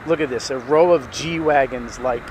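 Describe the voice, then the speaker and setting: Male vlogger, casual showroom tour, enthusiastic, mid-pitched, slight hiss behind. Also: moderate pace. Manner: enthusiastic, chatty. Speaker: car vlogger. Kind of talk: casual walkthrough narration. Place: car dealership showroom.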